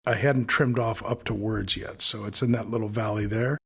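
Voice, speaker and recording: A man teaching audio editing in a screen-recorded tutorial, thinking aloud in a relaxed, explanatory way as he demonstrates each step. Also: lowish voice, normal speed, vocal fry, husky.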